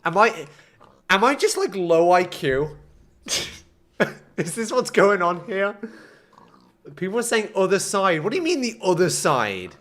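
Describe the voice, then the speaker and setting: An excitable young man talks through his gameplay on a live stream. His voice sits a little high and jumps all over the place, from muttering to loud outbursts. He pokes fun at himself as he works things out. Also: measured pace, long pauses. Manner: excitable, self-mocking, swings between frustration and laughter. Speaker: gaming streamer.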